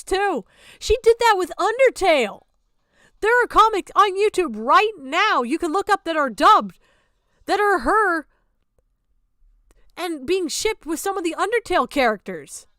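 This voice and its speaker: Woman streamer, high pitch, dry close sound; sarcastic, profane, exasperated ranting commentary. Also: a bit bright, dry recording.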